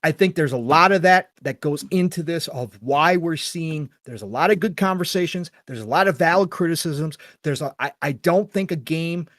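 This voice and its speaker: A man's voice: a little high, moderate pace, few pauses, a bit bright, no echo, clean studio sound. Earnest middle-aged man, podcast host. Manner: earnest, rambling, swears casually. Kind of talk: casual opinionated podcast talk.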